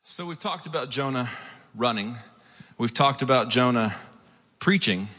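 A man preaching a sermon, telling the story with lively asides and acted-out quotes. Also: a little slow. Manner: storytelling, acts out quotes with rising pitch. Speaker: pastor. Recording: long hall reverb.

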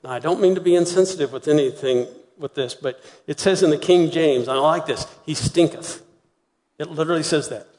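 Preacher guy giving a sermon, kinda high voice, acts out the voices, big hall echo. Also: fast talker, hardly any pauses. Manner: animated storytelling, acting out voices. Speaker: pastor.

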